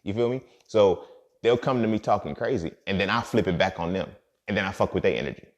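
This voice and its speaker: Low-voiced man with a profane streetwise manner. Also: fast talker. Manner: streetwise, profane, repeats "you feel me". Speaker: podcast host. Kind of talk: casual monologue.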